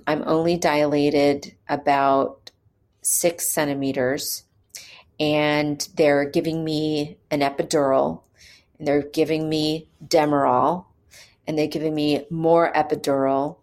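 A woman recounting a hard personal experience, candid and earnest, pausing often with fillers as she talks. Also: deep voice, darkish tone. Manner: hesitant, with frequent pauses and fillers. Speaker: mother telling her birth story. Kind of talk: personal storytelling.

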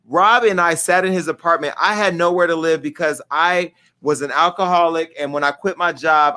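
A man's voice: a little high, bright, forceful tone. A man hosting a live-streamed show, talking in brash, profane, rambling banter with his audience and crew. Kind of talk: casual live-stream talk.

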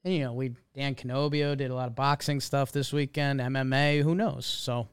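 A man's voice: mid-range voice, steady tone, fairly quick, clean tone, no echo, clean studio sound. A man co-hosting a podcast, chatting about baseball in a laid-back, wry way. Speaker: podcast co-host. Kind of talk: casual sports chat.

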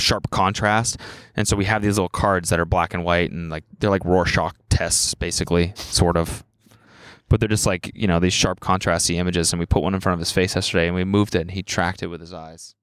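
A young man co-hosting a podcast in casual chat, animated and swearing freely as he acts out quoted lines in a raised voice. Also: low-pitched, clear, resonant tone, dry recording, studio quality. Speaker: podcast co-host.

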